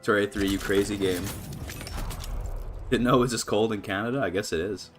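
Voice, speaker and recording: A man with a fairly low voice, speaking a little fast, casually covers a strategy game on his live stream while soft music plays. He reasons aloud through fillers and restarts, laughs often, and his voice leaps up when he gets excited.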